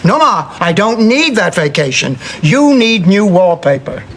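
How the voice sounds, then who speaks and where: An actress playing a middle-aged, sardonic daughter in a sitcom, with a low, husky, deadpan delivery. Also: female voice, a little slow, heavily acted. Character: sardonic grown daughter, exasperated, quick-tongued. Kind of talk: sitcom acting. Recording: noisy TV audio with studio audience laughter.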